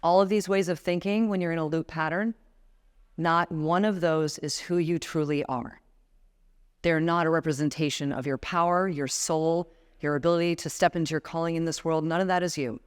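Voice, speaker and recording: Smooth-voiced woman coaching a live audience. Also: low voice, steady tone, normal speed. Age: 40s. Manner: coaching, guides the audience through breathing exercises. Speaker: guest speaker. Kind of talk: motivational talk to a live audience. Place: conference room before a seated audience.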